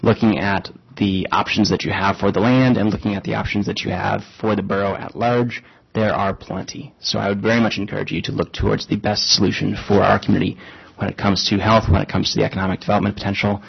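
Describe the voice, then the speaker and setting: A man giving measured, persuasive public testimony at a meeting, pausing often with fillers. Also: on the low side, little pitch movement, creaky, husky, lo-fi sound. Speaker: public commenter.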